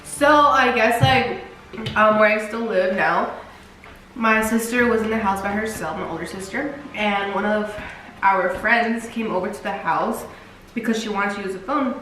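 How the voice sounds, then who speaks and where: A woman's voice: mid-range voice, measured pace, a bit bright. A chatty young woman tells a story full of fillers and restarts, set back from the microphone. Her voice rings around a strongly echoing room, with faint music behind. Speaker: vlog co-host. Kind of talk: casual storytelling chat. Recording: very echoey room, distant mic, faint music.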